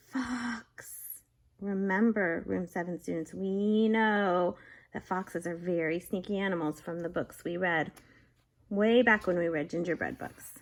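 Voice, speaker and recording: A woman teaching a young class from home, giving a slow, clear and encouraging lesson and reading a picture book aloud. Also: medium pitch, echoey room. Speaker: kindergarten teacher. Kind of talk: remote class lesson and story read-aloud.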